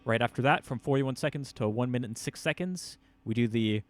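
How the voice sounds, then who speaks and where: Speaking briskly and with few pauses over music, a man with a mid-range voice teaches a casual drum lesson in a room with a drum kit. He explains the hits and counts beats out loud, and drums are played between his remarks.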